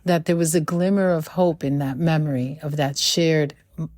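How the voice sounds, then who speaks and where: Woman podcast host, lowish voice, thoughtful questions, dry close sound. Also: fairly even intonation, normal speed, darkish tone, no echo. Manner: thoughtful, ends points with "right?". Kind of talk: reflective interview questions.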